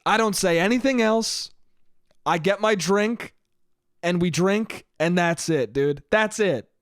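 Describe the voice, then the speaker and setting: Guy with a pretty high voice just rambling on his own podcast, swears a ton, keeps saying dude, dry close sound. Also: takes it slowly, no echo. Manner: profane, self-deprecating, says "dude" a lot. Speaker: podcast host. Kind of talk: casual solo storytelling monologue.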